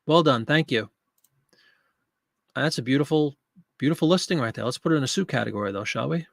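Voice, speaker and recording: A man's voice: medium pitch, fairly quick, gravelly, long pauses, dry recording, clean studio sound. Chatty joking man in his fifties. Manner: chatty and joking, reminiscing and talking to viewers in chat. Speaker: host of a live eBay listing stream. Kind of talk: casual live-stream chat.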